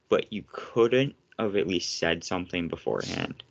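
A man's voice: low voice, expressive, moderate pace, a bit bright, muffled recording. A young man hosting a casual podcast, ranting sarcastically and swearing often. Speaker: podcast host.

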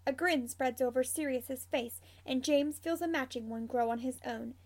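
A woman reading fan fiction aloud, narrating and voicing the characters with bursts of loud excitement. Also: high voice. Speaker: fanfiction reader.

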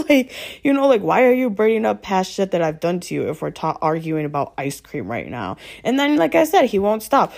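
Woman, low-pitched voice, casual rambling monologue, heavy filler words, swearing, exasperated rhetorical questions. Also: very animated, normal speed, creaky, hardly any pauses, a little mellow. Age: adult with children. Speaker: vlogger venting about her partner.

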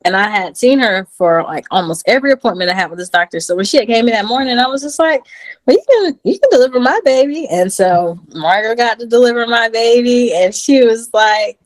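A woman in her thirties tells her story with lively energy. She jumps up in pitch to act out quotes, then drops back to a casual, chatty voice. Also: fairly quick, hardly any pauses, low-quality recording. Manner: animated, acts out quotes in a high voice. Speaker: guest.

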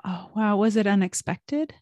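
A woman interviewer asking gentle, probing questions. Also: medium pitch, normal speed, no echo.

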